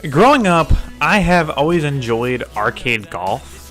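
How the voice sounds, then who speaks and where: A man's voice: fairly high pitch, big pitch swings, a little slow, fairly bright tone, soft background music. Cursing, stammering man reviewing games. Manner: profane and exasperated, stammers and restarts. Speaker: game reviewer. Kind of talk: ranting game review voice-over.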